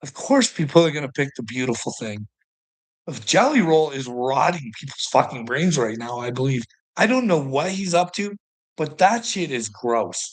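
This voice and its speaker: Heated swearing man with a higher voice. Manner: heated, swearing constantly, laughing between points. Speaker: vlogger. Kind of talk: profane ranting monologue.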